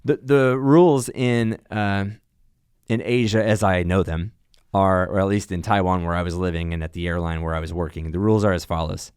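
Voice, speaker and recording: Casting: male airline pilot guest, low smooth voice, dry close sound, animated storyteller. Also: normal speed, no room sound. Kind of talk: casual podcast chat.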